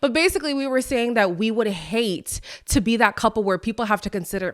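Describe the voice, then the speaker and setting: A young adult woman hosting a casual recap podcast. She talks in a chatty, animated way and quotes people in playful voices. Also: fairly high pitch, fairly quick. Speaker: podcast host.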